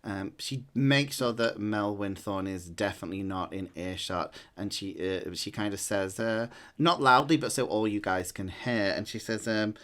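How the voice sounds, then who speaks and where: A man narrating as game master, relaxed and full of ums and restarts. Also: lowish voice, a little slow, few pauses.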